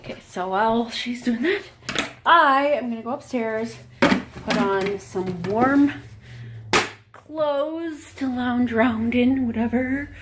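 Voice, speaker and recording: A woman chatting casually through a home vlog, talking to her pets in a high baby voice now and then. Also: noisy background. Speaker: vlogger. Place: house, indoors.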